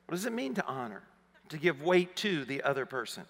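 A man in his fifties from Arkansas with a Southern accent, preaching a sermon, rising to emphatic questions and dropping low for personal stories. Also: very animated, fairly quick, gravelly, fairly bright tone, long reverb tail. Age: 50s. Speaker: pastor. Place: large church hall.

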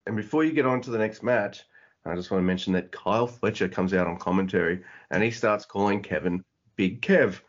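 A man's voice: fairly low pitch, a little fast, highs cut off. An Australian man co-hosting a podcast in casual chat, playful and freely swearing, with laughter. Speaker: podcast co-host.

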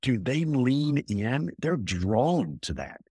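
A man talking as an entrepreneur guest in a casual interview, emphatic and energetic, often repeating himself. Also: medium pitch, slow pace, slightly rough, dry recording, studio quality.

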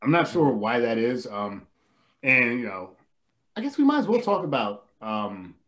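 A man's voice: medium pitch, sing-song, moderate pace, fairly bright tone. Rambling, hesitant man in casual chat. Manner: rambling, hesitant, many fillers and restarts. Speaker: podcast co-host. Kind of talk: casual film discussion.

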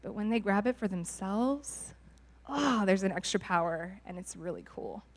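A woman's voice: medium pitch, moderate pace. A young woman telling a church testimony in a bubbly, laughing storytelling way. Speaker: youth ministry leader. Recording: reverberant hall.

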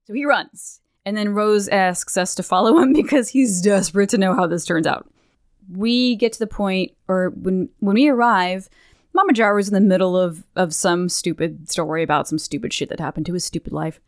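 A woman co-hosting a podcast, casually recapping a game story in an animated way, acting out the characters' lines with laughter and swearing. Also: medium pitch, normal speed, no room sound, clean studio sound. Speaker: podcast co-host.

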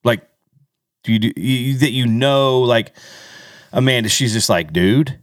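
A man co-hosting a podcast in casual chat, animated and often laughing as he tells stories. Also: medium pitch, moderate pace, no echo, clean studio sound. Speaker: podcast co-host.

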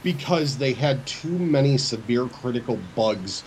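Fast-talking opinionated man. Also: mid-range voice, lively intonation, darkish tone, slight background noise, low-quality recording. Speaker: co-host. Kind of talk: casual gaming podcast chat.

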